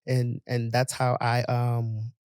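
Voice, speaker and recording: Animated laughing man, podcast guest. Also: medium pitch, slow pace, smooth, no echo, clean studio sound. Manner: animated, laughing, rambling with restarts. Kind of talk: casual interview chat.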